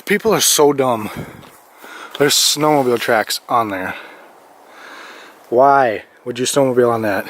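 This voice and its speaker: A young man from Minnesota vlogging as he trudges through deep snow outdoors, rambling with lots of fillers and a little out of breath in the cold. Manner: rambling, filler-heavy talk with many 'like's. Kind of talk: casual vlog walking outdoors. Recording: wind and handling noise on a phone mic.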